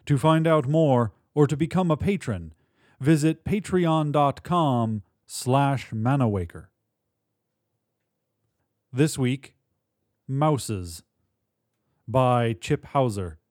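A man hosting a fiction podcast and reading a short story aloud in a measured, deliberate way. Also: mid-range voice, expressive, darkish tone, no room sound, studio quality. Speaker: podcast host and narrator. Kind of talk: scripted story narration.

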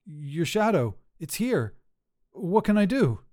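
A man's voice: high voice, big pitch swings, slow pace, dark tone, voice pushed up, full character voice. A man voicing an earnest, loyal male gargoyle who works as a roofer, talking in a pleading, eager way.

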